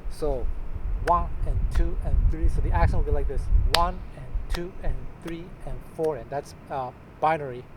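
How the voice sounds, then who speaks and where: A man teaching a casual guitar lesson, chatty and joking, counting beats out loud. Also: a little high, moderate pace, background noise. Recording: loud guitar playing under voice.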